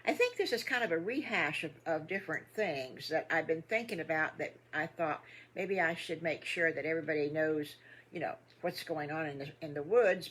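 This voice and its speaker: An older woman storyteller with a husky, low voice, telling a made-up children's tale. She rambles folksily and chats along as she goes. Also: fairly bright tone.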